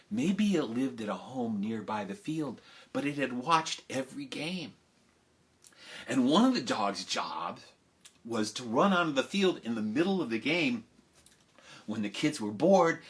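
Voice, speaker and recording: A man telling a story to children live, animated, swinging between loud cheering and hushed asides. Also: mid-range voice.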